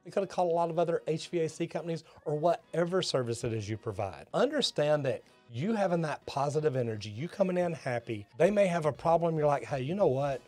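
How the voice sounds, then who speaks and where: A man, a plumbing educator, giving an energetic, emphatic business lesson to tradespeople and acting out talks with customers. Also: a little high, quick pace, hardly any pauses, faint music behind.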